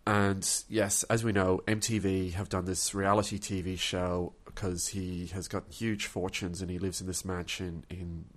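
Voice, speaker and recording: A man's voice: low voice, level tone, measured pace, few pauses. A man with an Australian accent, co-hosting a podcast, telling a rambling story and repeating his words. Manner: rambling, repeats words, acts out quoted people. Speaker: podcast co-host. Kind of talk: casual storytelling chat.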